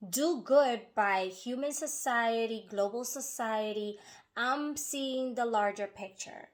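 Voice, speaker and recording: A woman vlogger talking to her viewers in an earnest, emotional way, repeating phrases for emphasis. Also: mid-range voice. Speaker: vlogger running her own company. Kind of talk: unscripted personal talk to camera.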